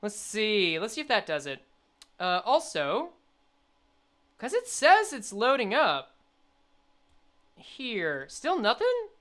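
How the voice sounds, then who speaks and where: A young woman streaming a game, chatting and reading the story aloud, animated and quick to laugh. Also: mid-range voice.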